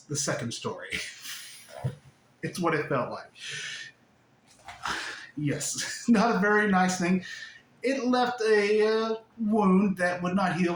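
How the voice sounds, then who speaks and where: A man giving a playful spiritual talk, laughing often and swinging between loud and hushed. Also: sits high. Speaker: spiritual teacher. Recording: echoey room, faint background hiss.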